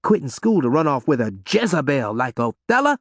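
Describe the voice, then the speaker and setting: A man voicing a firm, weary middle-aged mother who scolds her daughter in a slow, low southern voice. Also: very animated, dry recording, studio quality. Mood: lecturing.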